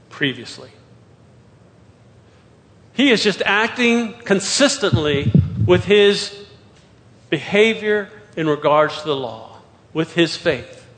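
A pastor preaching a sermon and walking through scripture verse by verse, with pointed rhetorical questions. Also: male voice, sits high, fairly bright tone. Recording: long hall reverb.

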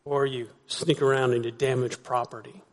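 A man's voice: mid-range voice, little pitch movement, normal speed. A man preaching a sermon as pastor, talking to the congregation conversationally and asking them rhetorical questions. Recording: long hall reverb.

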